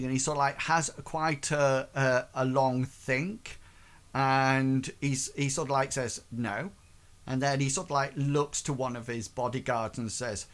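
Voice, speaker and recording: A man's voice: medium pitch, a bit bright. Hesitant man running a tabletop game. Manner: hesitant, rambling, many fillers. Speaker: game master.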